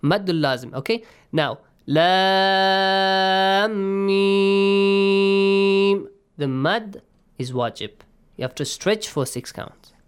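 A man teaching Quran recitation rules. He explains patiently, checks in with his students, and chants verses in a slow, stretched way. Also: mid-range voice, expressive. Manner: patient, checks in often with "okay?" and "yes?". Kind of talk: online class, explaining and reciting.

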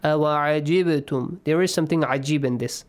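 A man teaches recitation rules over the radio at an unhurried, patient pace. He quizzes his students in turn and models each sound with care before asking them to repeat it. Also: on the high side, expressive.

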